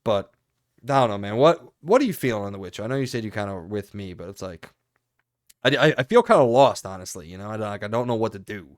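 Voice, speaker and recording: Low-voiced man, casual podcast co-host. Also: quick pace, no echo, clean studio sound. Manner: animated, rambling, frequent laughs. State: hiccuping.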